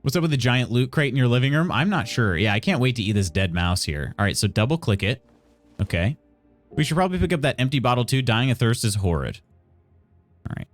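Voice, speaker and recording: A man streams a game live, reading the on-screen tutorial aloud and tossing playful, wry jokes to his chat. His pitch swings up and down a lot as he talks, and faint music plays underneath. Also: lively intonation, fairly quick.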